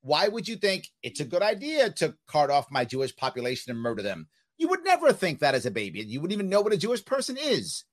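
A man's voice: fairly high pitch, fast, few pauses. A man hosting a podcast interview, talking casually and with strong opinions, often checking in with "right?". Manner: animated, opinionated, repeats "right?". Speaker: podcast host.

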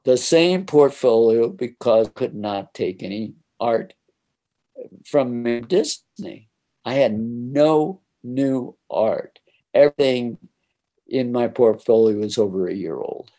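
An older man recounts a story from his working life at an unhurried pace. He slips into the voices of the people in it and laughs along the way. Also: medium pitch. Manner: animated anecdote-telling, acts out voices and laughs often. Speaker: interviewee recalling his career. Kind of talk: casual storytelling.

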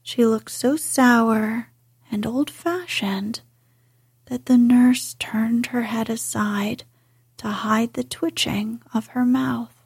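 A woman reading a classic story aloud in a soft, unhurried whisper. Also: a little high, breathy edge, no echo, clean studio sound. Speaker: narrator.

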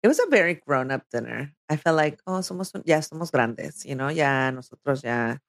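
A woman co-hosting a podcast in casual chat, bubbly and quick to laugh, slipping into Spanish phrases. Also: sits low, animated. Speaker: podcast co-host.

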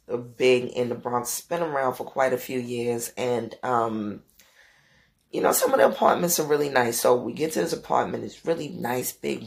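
A middle-aged woman hosting a podcast, telling a story in a casual, animated, profane way and acting out quotes. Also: vocal fry. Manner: animated, profane, acts out quotes with big pitch jumps. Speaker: podcast host.

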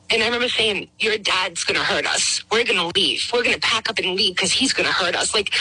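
Middle-aged woman telling her story, very bright husky voice, halting, dry close sound. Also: a little high, no echo, rough recording. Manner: emotional, halting, acts out quotes. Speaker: guest caller. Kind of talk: personal testimony.

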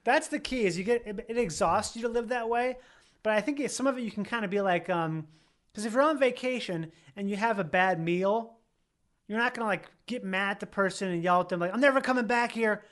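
A man's voice: sits high, a little fast, a bit bright. A man in casual podcast chat, rambling and correcting himself as he thinks aloud. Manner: rambling, self-correcting, laughing.

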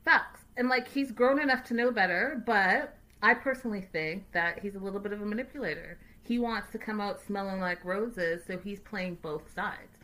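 A woman hosting a casual livestream recap, chatty, animated and sassy. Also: medium pitch, moderate pace, hardly any pauses. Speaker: host.

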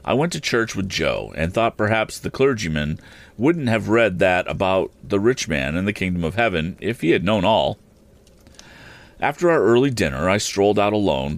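Low male voice reading a classic novel aloud, measured storytelling, dead dry sound. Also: no echo. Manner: measured, expressive first-person storytelling. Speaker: audiobook narrator. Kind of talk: classic novel audiobook narration.

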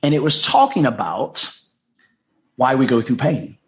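A middle-aged life coach from the US shares a heartfelt personal story on a podcast, speaking a little slowly. His medium-pitched voice swings widely up and down. He is earnest, repeats himself frequently, and gives voice to the people he quotes.

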